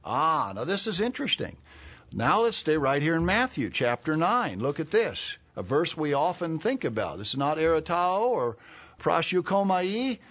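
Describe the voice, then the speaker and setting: A man preaching a sermon. He explains words slowly and clearly, then builds to urgent, emphatic calls. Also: on the high side, big pitch swings, a bit bright. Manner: expository, spells out Greek words, rises to urgent emphasis.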